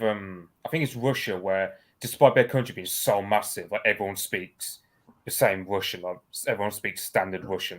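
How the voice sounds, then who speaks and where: A man with a mild Birmingham accent chatting casually on a talk show, rambling with lots of fillers. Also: fairly low pitch. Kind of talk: casual podcast chat.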